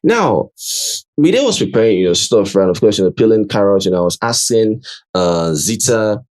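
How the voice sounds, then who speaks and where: A man's voice: lowish voice, normal speed. A man with a Nigerian accent hosting a casual recap chat, acting out quotes and filling his talk with "you know" and "right?". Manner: animated, acts out quotes, many "you know" and "right?" fillers. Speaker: show host.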